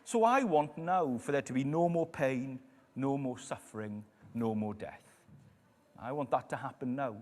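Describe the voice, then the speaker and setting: A man preaching a sermon in a church, telling stories and dropping to quiet emphasis on key lines. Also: medium pitch, a little slow. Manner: storytelling, lively, drops to quiet emphasis. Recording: echoey church hall.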